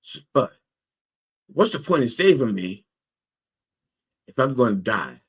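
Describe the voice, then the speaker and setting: A frantic castaway begs the heavens for rescue, as a preacher acts him out. The voice climbs well above the preacher's own and stays husky, with wide, lively swings in pitch. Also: male voice, unhurried, full character voice. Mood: pleading. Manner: pleading, then singing joyfully. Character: desperate shipwrecked man pleading with God.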